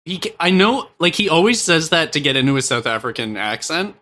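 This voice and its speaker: Wry male podcast co-host with a bright, forward tone. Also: fairly high pitch, very animated, brisk. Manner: wry, laughing asides. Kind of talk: comedic podcast banter.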